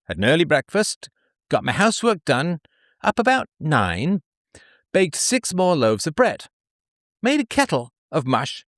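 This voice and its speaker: A man's voice: fairly bright tone, dry recording, studio quality, heavily acted. A man doing a prim pioneer woman's diary voice. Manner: high, measured recital of daily chores. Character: prim, steady adult pioneer woman reading her diary.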